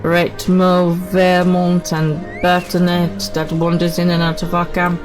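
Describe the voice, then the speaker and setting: A grumpy knight who brushes off questions with archaic, sneering replies, read out by a woman. The voice sits low for a woman. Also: completely flat delivery, slow pace, music in the background. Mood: dismissive. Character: dismissive male camp knight, irritable.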